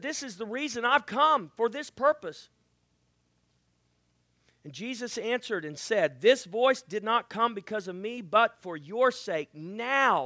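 A man preaching a sermon as pastor, swinging from loud proclaiming to hushed near-whisper and acting out Bible voices with playful asides. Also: high-pitched, no echo, studio quality.

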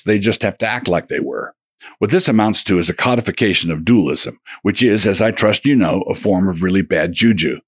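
A man's voice: low voice, slightly rough, no room sound, studio quality. A man reading his own polemical essay aloud as a religious commentator, with a sardonic, combative manner and a run of rhetorical questions.

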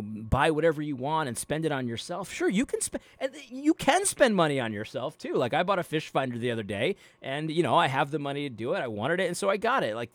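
A man's voice: a little high, no room sound. A man reading a Bible passage aloud, then commenting on it in a casual, rambling way, often repeating words and using fillers. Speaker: Christian video commentator.

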